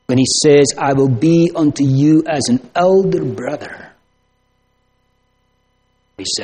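Husky-voiced man preaching a slow sermon. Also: on the high side. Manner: emphatic, repetitive rhetorical questions with dramatic swings from loud to hushed.

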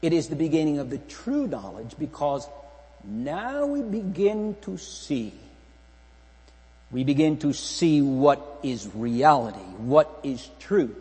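Slow, earnest male preacher in a reverberant church. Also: on the high side, lively intonation, warm tone. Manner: earnest, pleading, rhetorical questions. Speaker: pastor. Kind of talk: sermon. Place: church hall. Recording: long church reverb with mains hum.

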